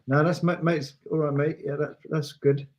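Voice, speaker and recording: A man, a guest singer, chatting on a video call in a halting way with many pauses and restarts. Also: on the high side, little pitch movement. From England. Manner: hesitant, lots of ums and restarts. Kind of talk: casual video call chat.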